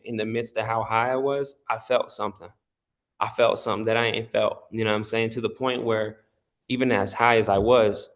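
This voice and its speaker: A man telling his faith testimony in a casual interview, animated, often laughing and acting out the voices of people in his story. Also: lowish voice. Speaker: interview guest.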